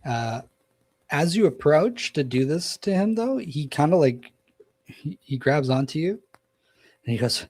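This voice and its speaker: Game master, man, mid-pitched, halting and descriptive, close dry mic. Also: sing-song, darkish tone, no room sound. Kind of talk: narrating a tabletop game.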